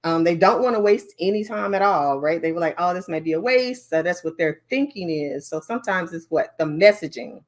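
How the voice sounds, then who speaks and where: Woman presenter, lower voice, lively and chatty, lots of fillers, conference training session. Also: a little fast, hardly any pauses. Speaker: learning design presenter.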